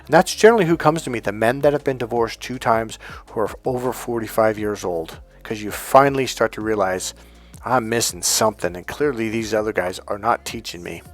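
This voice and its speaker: A man's voice: fairly low pitch, brisk. Emphatic man coaching with faint music. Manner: emphatic, swearing, acts out quoted voices. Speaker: dating coach. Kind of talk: coaching talk to camera.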